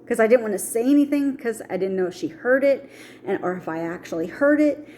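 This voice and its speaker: A woman's voice: fairly high pitch, a little fast, slight background noise. A middle-aged woman telling a personal story in a vlog, acting out the voices of people she quotes. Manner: animated, acts out quoted voices. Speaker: vlogger.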